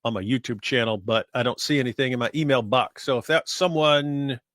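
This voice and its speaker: Man, mid-pitched voice, dry close mic, wry teasing banter, casual livestream co-host. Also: brisk, fairly bright tone, no room sound.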